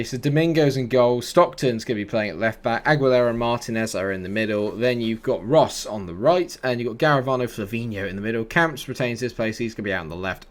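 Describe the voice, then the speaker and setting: A young man commentating his own football management game in a casual way, grumbling under his breath and breaking into exasperated outbursts. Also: fairly low pitch. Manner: exasperated, swings from mutters to outbursts. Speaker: gaming YouTuber. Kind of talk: casual let's-play commentary.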